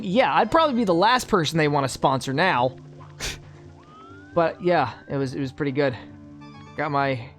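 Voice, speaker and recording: A man giving casual gameplay commentary as a gaming YouTuber, rambling and sarcastic, with many restarts. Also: mid-range voice.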